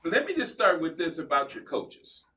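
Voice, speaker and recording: A man's voice: a little high, big pitch swings, moderate pace, bright, forceful tone, distant mic. A man as a guest in an interview, enthusiastic and affirming, often repeating himself. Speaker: guest, former football player. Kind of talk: casual interview chat.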